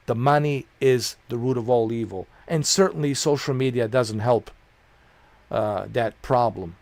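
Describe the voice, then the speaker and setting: A man's voice: medium pitch, darkish tone, dry recording. A middle-aged man streaming games, ranting bluntly and profanely in a preachy tone. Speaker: gaming streamer. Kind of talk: livestream rant.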